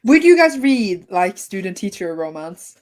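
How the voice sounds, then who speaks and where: A woman's voice: medium pitch, sing-song, unhurried. A woman in a casual book club chat, hesitant and filling with "like". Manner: hesitant, lots of likes.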